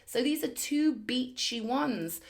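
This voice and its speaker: A woman's voice: high voice, expressive, slow pace. A woman doing a spiritual tarot reading, talking in emphatic, affirming bursts and repeating phrases for effect. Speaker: tarot reader.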